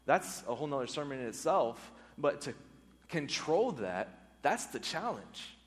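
A man's voice: fairly high pitch, sing-song, a little slow. Man preaching in a reverberant hall. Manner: earnest, repeats words and phrases for emphasis. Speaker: pastor. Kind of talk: sermon.

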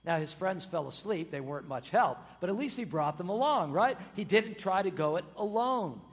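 High voiced pastor guy, animated storytelling sermon, lots of echo. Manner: animated storytelling, swings from loud to hushed.

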